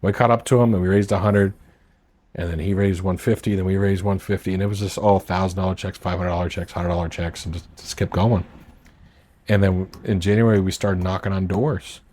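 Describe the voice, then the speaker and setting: A man's voice: low voice, steady tone, a little fast, darkish tone. A man telling the story of his political campaign in a casual, rambling way, acting out what people said to him. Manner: rambling, acts out quoted dialogue. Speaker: political candidate and marina owner. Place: at a marina boat club.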